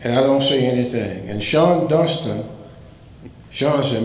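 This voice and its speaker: A man giving a keynote speech at a banquet, telling funny stories in a relaxed way and acting out the lines of the people in them. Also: medium pitch, a little slow. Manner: relaxed anecdotal telling, acts out quoted lines. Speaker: keynote speaker. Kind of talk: humorous after-dinner storytelling speech. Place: banquet hall. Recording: roomy hall sound, faint room noise.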